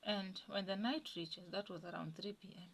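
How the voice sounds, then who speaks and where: A woman's voice: mid-range voice, normal speed, gravelly, a little hiss or hum, low-quality recording. A Kenyan woman in her thirties, telling a personal story in an interview and acting out the people she quotes. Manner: animated storytelling, voices quoted people, drops to whispers.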